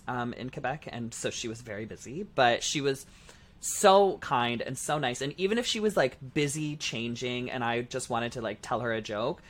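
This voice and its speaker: A man's voice: medium pitch, a bit bright. A man co-hosts a casual podcast, talking through his thoughts in a loose, rambling way. His speech is packed with filler words as he circles back on himself. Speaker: podcast co-host; drag performer. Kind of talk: casual chat.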